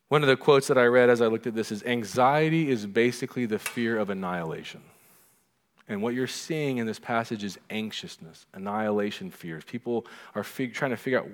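A middle-aged man preaching a sermon as pastor, animated, acting out the lines he quotes. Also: lowish voice, moderate pace. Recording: long reverb of a hall.

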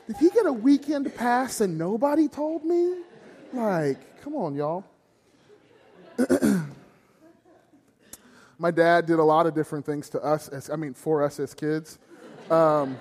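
Pastor telling stories in a reverberant church. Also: male voice, a little high, darkish tone. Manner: storytelling with self-deprecating humor. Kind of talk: sermon. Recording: long hall reverb.

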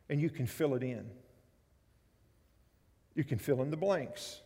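A man delivers a sermon from the pulpit, leaning into repetition and rising emphasis. His voice sits at an ordinary middle pitch. The sound carries a long reverb, as in a large church hall. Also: normal speed, pauses often, dark tone. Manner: emphatic, repetitive preaching cadence. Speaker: pastor.

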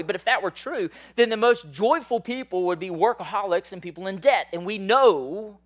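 A man preaching a sermon in a conversational style, swinging from loud, high bursts to soft, low asides. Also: moderate pace, hardly any pauses. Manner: animated, rises high and loud then drops soft; conversational, frequent "like" and "right?". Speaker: pastor.

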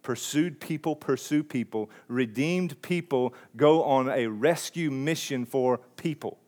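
A pastor preaches a sermon in an earnest, conversational manner, frequently restarting his phrases. His voice is medium-pitched, a little mellow and a little slow.

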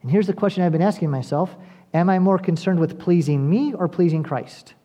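An earnest preacher delivering a sermon in a mellow, warm-toned voice. The delivery speaks straight to the listeners and builds to emphatic appeals through repetition. Pitch sits in a middle register. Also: fairly quick. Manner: addresses listeners directly. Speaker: pastor.

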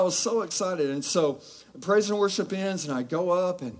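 A man preaching a sermon as a pastor, telling Bible stories in a conversational, animated way and acting out quoted voices. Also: high voice, moderate pace.

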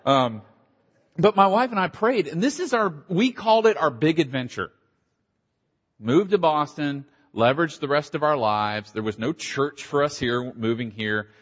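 A middle-aged man, a pastor, giving a conversational conference talk with quick asides and a slight Southern accent. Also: a little high, expressive, a bit bright. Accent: slight Southern American. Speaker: pastor and church planter. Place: conference hall. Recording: dull audio in a large hall.

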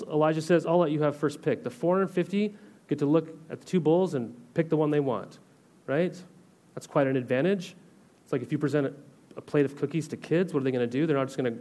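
A man preaches in a relaxed, conversational way, reading a passage of scripture and then unpacking it with casual comparisons. His speaking voice sits a little high for a man. He keeps checking in with his listeners through rhetorical questions. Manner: reads scripture aloud, then explains it in everyday terms. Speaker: pastor. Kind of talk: sermon teaching.

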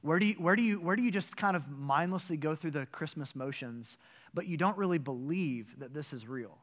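A man, a pastor, delivering a sermon with animated, emphatic storytelling and rhetorical questions. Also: fairly high pitch, a little fast.

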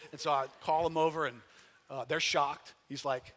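A pastor preaching a folksy, conversational sermon, full of rhetorical questions and loud bursts of emphasis. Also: male voice, fairly high pitch, normal speed. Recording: long hall reverb.

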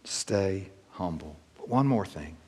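A man preaching a sermon as pastor, emphatic and animated, repeating key phrases. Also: low voice, slow pace, husky, long reverb tail.

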